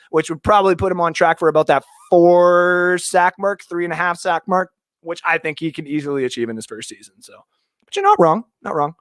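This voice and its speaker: Excitable young man hosting a livestream. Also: high voice, no room sound, clean studio sound. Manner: rambling, excitable, jokey. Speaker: livestream host. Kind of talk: casual live-stream chat reading comments. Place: home basement.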